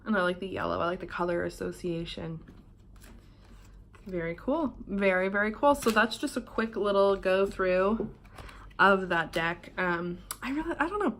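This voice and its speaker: A woman's voice: mid-range voice, moderate pace, slight background noise. Chatty Canadian woman unboxing tarot. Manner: chatty, swears casually, drifts into soft asides. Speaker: tarot vlogger. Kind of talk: casual unboxing chat. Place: hotel room while travelling.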